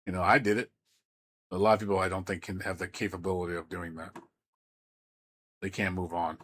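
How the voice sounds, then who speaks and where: A man's voice: low voice, level tone, a little fast, fairly bright tone, a little hiss or hum. A man streaming games, ranting in a heated, profane way with lots of stammering restarts. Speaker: game streamer. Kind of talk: live-stream rant.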